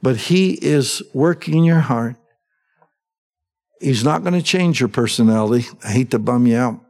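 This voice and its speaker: A man's voice: medium pitch, normal speed, a little mellow. Middle-aged pastor guy preaching, chatty, keeps asking the crowd true? right?. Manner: conversational, asks the congregation for agreement. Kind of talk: sermon.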